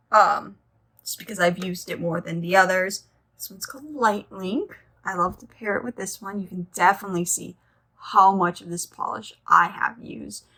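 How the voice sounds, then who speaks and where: A woman's voice: mid-range voice, bright, forceful tone. A young woman chatting casually as she reviews her nail polish collection, gushing and rambling into side stories.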